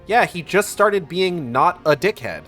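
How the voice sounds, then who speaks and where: A man's voice: high voice, expressive, a little slow, a bit bright, faint music behind. A man streaming a game, making profane, jokey asides. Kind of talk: livestream gameplay commentary.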